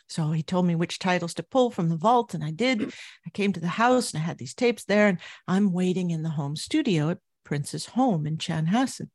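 A middle-aged woman recounting memories as an interview guest, telling her story vividly and growing animated at its high points. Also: normal speed, no echo, clean studio sound.

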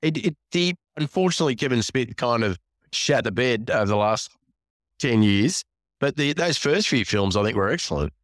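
Blunt male co-host, lively up-and-down delivery, dry close mic, swears freely. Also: mid-range voice, moderate pace, no echo. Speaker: podcast co-host. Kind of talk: casual chat.

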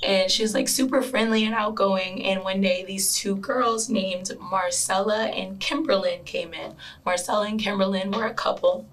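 A woman's voice: medium pitch, fairly even intonation, moderate pace, few pauses, low-quality recording. A woman in her thirties, co-hosting a podcast and telling a true crime story in a chatty way, with asides. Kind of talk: casual chat.

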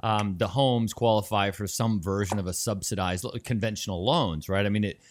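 A man hosting a podcast, chatting casually and giving quick advice. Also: fairly low pitch, a little hiss or hum.

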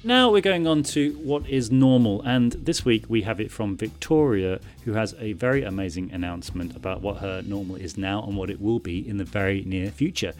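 A man's voice: lowish voice, moderate pace, hardly any pauses, faint music behind. A man co-hosting a podcast in casual, upbeat and jokey chat. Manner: upbeat, lively intonation, jokey. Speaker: podcast co-host.

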